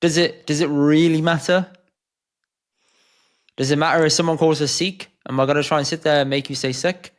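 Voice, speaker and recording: Relaxed, emphatic male podcast co-host. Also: on the high side, brisk, long pauses. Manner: relaxed, emphatic, laughs easily. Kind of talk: casual chat.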